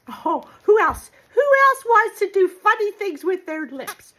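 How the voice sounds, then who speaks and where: An older woman hosting a children's puppet show, gentle and encouraging with her puppets. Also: very high-pitched, sing-song, unhurried, hardly any pauses, background noise. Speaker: puppeteer host for preschoolers.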